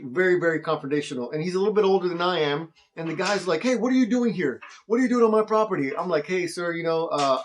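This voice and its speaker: Animated man telling a story. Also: on the high side. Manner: animated, acts out quoted voices. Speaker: real estate investor. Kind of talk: casual storytelling to camera.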